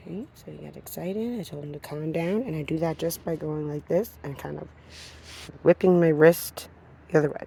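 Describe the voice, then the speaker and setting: During a hands-on demonstration, a dog trainer with a low, deep-set, creaky voice and a dark tone explains things steadily at a moderate pace. Now and then she cuts in with short, firm commands for the dog; there's a bit of hiss or hum in the audio.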